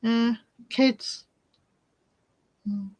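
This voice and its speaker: A woman's voice: on the high side, fairly even intonation, very slow, a little mellow, dry recording, poor audio. A woman hosting a crafting live stream, chatting casually with viewers and her cat. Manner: chatty, laughs a lot, talks to her cat. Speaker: craft channel host.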